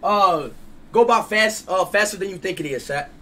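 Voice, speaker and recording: A man livestreaming and chatting loudly with his viewers, excitable and full of swearing. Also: high voice, normal speed. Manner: loud, excitable, swears a lot, talks to chat. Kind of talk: casual livestream chat.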